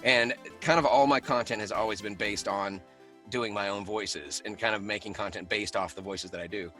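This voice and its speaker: A man who works as a voice actor, chatting as an interview guest. He tells animated stories and laughs often. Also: fairly low pitch, normal speed, soft background music. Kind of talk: casual interview chat.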